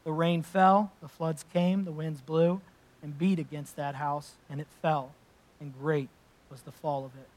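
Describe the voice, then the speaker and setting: A man's voice: on the high side, steady tone, unhurried, a little mellow. A man preaching a sermon, reading scripture and then explaining it in an emphatic, conversational way with casual asides. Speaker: pastor.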